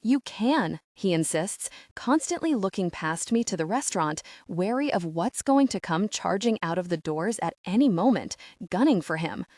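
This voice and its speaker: A woman narrates a first-person audiobook with a lowish voice. Her reading is tense and urgent and climbs at the shouted lines. The sound is dry and close. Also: expressive, moderate pace, few pauses, dry recording.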